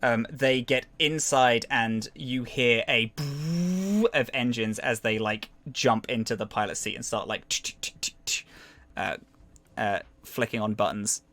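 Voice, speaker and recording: A man acting as game master, narrating a tabletop game in an animated way and adding sound effects. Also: mid-range voice, unhurried.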